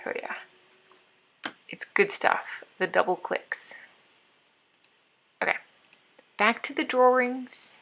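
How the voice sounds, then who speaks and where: A woman's voice: fairly high pitch, takes it slowly, long pauses, bright, forceful tone. A woman livestream host chatting casually to herself and her viewers while she draws. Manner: rambling, talks to herself while working. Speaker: livestream host drawing for patrons. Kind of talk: casual chat while drawing.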